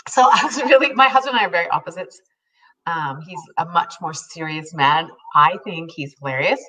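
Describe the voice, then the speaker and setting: A woman in her fifties co-hosts a casual chat, an animated storyteller who laughs often and acts out quotes. Her fairly low voice moves fairly quickly, recorded from a distance in low quality.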